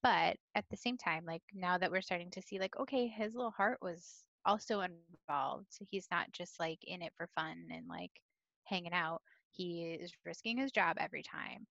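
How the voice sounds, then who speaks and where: Gravelly, low-voiced woman gushing about a show. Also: moderate pace, fairly bright tone, dry recording, muffled recording. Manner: enthusiastic, gushing. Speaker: podcast co-host. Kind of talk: casual TV recap chat.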